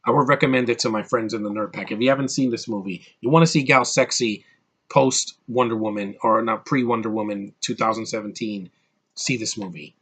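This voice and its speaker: A man's voice: lowish voice, fairly quick, fairly bright tone, breathy edge. A young man vlogging casually from home, rambling and opinionated about movies, with lots of fillers and restarts. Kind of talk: casual DVD haul vlog.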